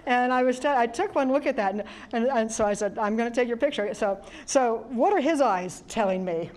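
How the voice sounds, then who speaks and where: A woman's voice: on the high side, a little fast. Chatty woman telling stories. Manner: chatty, animated storyteller with many restarts and laughs. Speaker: presenter. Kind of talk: conference presentation storytelling. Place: presentation room with audience.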